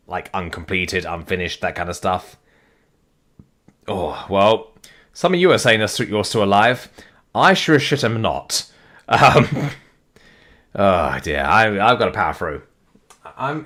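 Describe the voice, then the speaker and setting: A man's voice: on the low side, sharp tone. A tired man reading a comic aloud live to his chat, casual and swearing, his voice sticking late in a long session. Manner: weary, rambling, swears casually. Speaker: live-stream reader. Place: home streaming setup. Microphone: desk mic with facecam.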